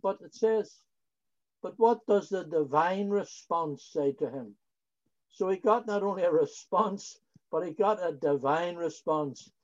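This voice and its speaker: Slow earnest male preacher, lo-fi. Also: sits high. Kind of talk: sermon. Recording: dull lo-fi recording.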